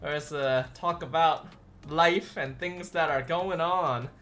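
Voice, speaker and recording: A man's voice: fairly high pitch, takes it slowly. Tired, rambling young male streamer. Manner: rambling, relaxed, many fillers and restarts. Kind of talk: casual livestream chat.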